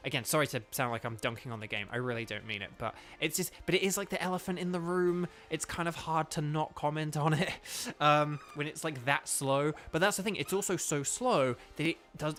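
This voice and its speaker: A gaming YouTuber and voice actor from Northern Ireland rambles through casual let's-play commentary, restarting often and leaning on fillers. His voice sits on the high side with a fairly bright tone.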